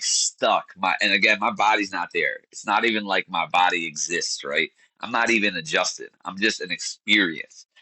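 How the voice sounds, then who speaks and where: Interview guest, man, 30s. Low, bright, earnest, halting as he hunts for words. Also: dry recording, poor audio. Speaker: podcast guest. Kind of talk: candid interview storytelling.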